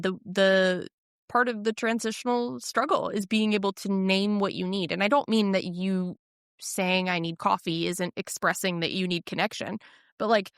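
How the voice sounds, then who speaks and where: A woman hosting an interview in a casual, animated way, acting out quotes with her voice. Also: dry recording, clean studio sound. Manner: animated, acts out quoted voices with pitch jumps. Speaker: podcast host.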